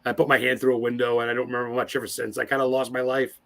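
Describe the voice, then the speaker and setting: Fast, bright-voiced man in his forties. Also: mid-range voice, flat delivery, vocal fry. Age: 40s. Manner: rambling, profane and emotional. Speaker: podcast guest. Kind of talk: casual interview storytelling.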